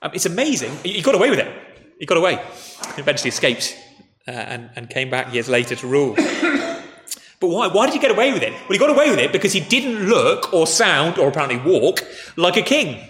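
A man preaching a sermon, telling a story in a relaxed conversational way and speaking to the children too. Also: on the high side, fast, slight background noise. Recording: echoey hall with faint ambience.

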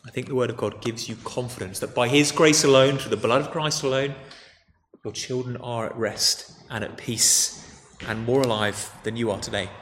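A man's voice: medium pitch, normal speed. Male preacher, chatty sermon delivery, recorded in a reverberant church hall with faint background noise. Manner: conversational, animated retelling with frequent restarts.

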